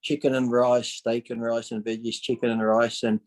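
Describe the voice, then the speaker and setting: Recorded in low quality, this medium-pitched man in his forties speaks at a moderate pace as a podcast guest. He tells casual stories with lots of energy, performing the voices of people he quotes, cursing without restraint and laughing often.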